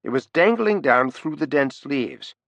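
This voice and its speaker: A man narrating an audiobook thriller with an expressive, animated reading, on a close studio mic. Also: a little high, unhurried, no echo, highs cut off. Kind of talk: scripted narration.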